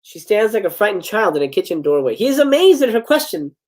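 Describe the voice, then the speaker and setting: A man's voice: high voice, sing-song, quick pace, a little mellow. A man hosting a livestream, reading a film script aloud and breaking off to chat with viewers. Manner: reads stage directions then breaks off into casual commentary to viewers. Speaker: livestream host. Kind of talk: live script read-aloud with chatty asides.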